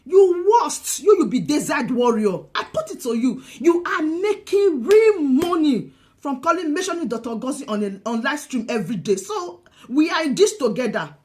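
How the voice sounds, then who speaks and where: A woman's voice: sits high, sing-song, moderate pace, a little mellow. A woman with a Nigerian accent giving mocking commentary, taunting and laughing as she accuses someone. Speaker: online commentator.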